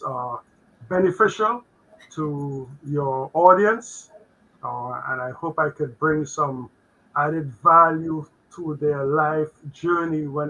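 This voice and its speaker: Older raspy-voiced man, slow and halting. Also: fairly high pitch, pushed and bright, poor audio. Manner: halting, many fillers and restarts. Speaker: guest accountant. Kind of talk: faith-based finance talk on a video call. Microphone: video call.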